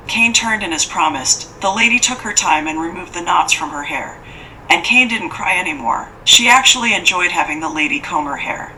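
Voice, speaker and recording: A woman narrating a fantasy audiobook in an even, unhurried storytelling manner. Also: lowish voice. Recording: faint noise, distant from mic.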